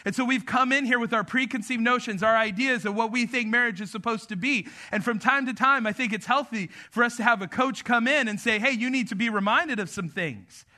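A man's voice: very high-pitched, a little fast, hardly any pauses, pushed and bright. A man in his thirties from New Mexico preaching a sermon as pastor, in a casual, chatty way, telling stories with jokes. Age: 30s. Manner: casual, chatty, joking storyteller.

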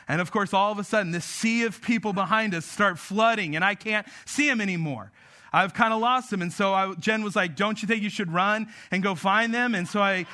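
A man in his thirties, a pastor telling a family story in an animated sermon and then urging his congregation to act. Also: sits high. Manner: animated storytelling, acts out his own shouting.

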